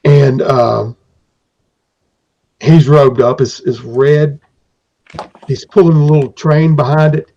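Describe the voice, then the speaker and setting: A man narrates an improvised tabletop adventure as game master, rambling with fillers and restarts. His voice is gravelly, husky and dark. The recording is dull and lo-fi. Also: mid-range voice, steady tone, slow pace, pauses often.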